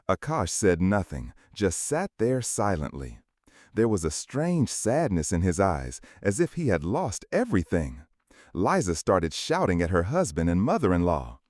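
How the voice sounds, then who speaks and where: A man's voice: sits low, wildly swooping pitch, unhurried, a little mellow, dry recording, clean studio sound. A man narrating a scripted family drama in a dramatic storytelling manner.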